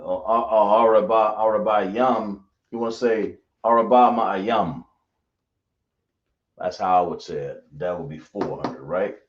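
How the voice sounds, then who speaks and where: A man teaching a Hebrew class, quizzing his students and often correcting himself. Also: fairly low pitch. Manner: drawling, self-correcting, asks the class questions. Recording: echoey, dull lo-fi room recording.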